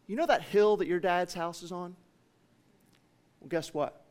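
A man voicing a poorly dressed little girl who answers a rich girl calmly and with quiet pride. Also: sits high, measured pace, clear, resonant tone. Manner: builds from quiet to exultant shouting. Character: poor shabby little girl, calm and quietly proud.

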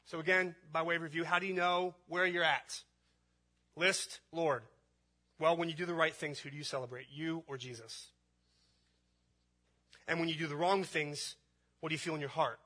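A man's voice: a little high, fairly even intonation, moderate pace, pauses often, sharp tone. A man preaching a sermon, building emphasis through repeated phrases. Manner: preaching with rising emphasis and repetition. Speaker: pastor.

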